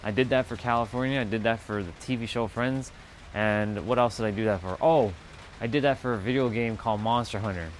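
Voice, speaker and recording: Swearing freely, a thirties-aged livestream host spins animated stories and throws in mocking quoted asides during casual chat. He speaks a little fast in a lowish voice, and the recording carries slight hiss or hum.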